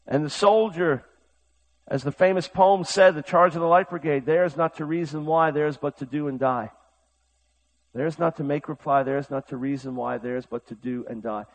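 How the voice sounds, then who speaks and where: A male preacher with a slightly raised pitch delivers a fiery sermon. He pushes hard on his calls to action, then drops to a low, intimate tone for the Bible story. His voice carries the urgency of a revival pulpit. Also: moderate pace, rough recording. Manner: impassioned, urgent, swings between shouting and hushed tones.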